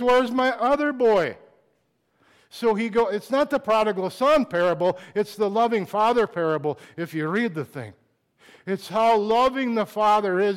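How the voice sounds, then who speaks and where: This middle-aged pastor's voice sits high as he delivers a sermon. He alternates between soft, confiding speech and loud, passionate bursts, becoming emotional at points.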